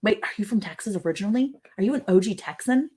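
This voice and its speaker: A woman's voice: medium pitch, animated, racing, darkish tone, slightly rough. A woman hosting a casual ranch livestream, chatty, reading viewer comments aloud and laughing often. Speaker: livestream host. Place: ranch home.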